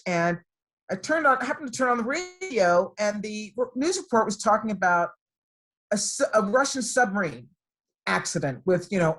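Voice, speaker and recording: Encouraging woman speaking on a video call. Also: mid-range voice. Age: middle-aged. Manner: warm, encouraging, storytelling. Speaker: guest speaker. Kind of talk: talk to students over a video call. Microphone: computer microphone on a video call.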